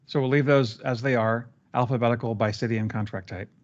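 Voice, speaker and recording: A man guiding a trainee step by step through a software training session, relaxed and chatty with fillers. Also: medium pitch, brisk, lo-fi sound. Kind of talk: live screen-share training session.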